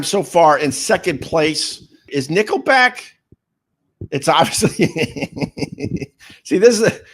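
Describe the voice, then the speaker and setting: Animated rambling middle-aged male streamer. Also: on the high side. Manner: rambling, repeats words, sudden loud jumps. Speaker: radio host and livestreamer. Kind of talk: casual livestream chat reading viewer comments.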